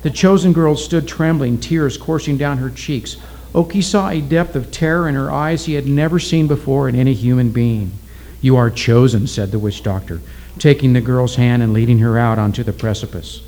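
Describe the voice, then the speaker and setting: A man's voice: mid-range voice, moderate pace, dark tone, poor audio. Man narrating a story steadily. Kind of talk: audiobook narration.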